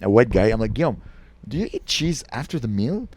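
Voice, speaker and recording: A man's voice: medium pitch, brisk, no echo. A man co-hosting a comedy podcast, telling stories in casual chat and acting out quoted lines in exaggerated voices. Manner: animated storyteller, acts out quotes in exaggerated voices.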